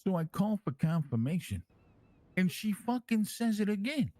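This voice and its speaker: A man's voice: high-pitched, normal speed, dry recording. A man playing a brash, foul-mouthed crime boss. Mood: boastful. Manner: rambling storyteller, swears constantly, lively and animated. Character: brash crime-family man calling himself king, crude. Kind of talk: online role-play in character.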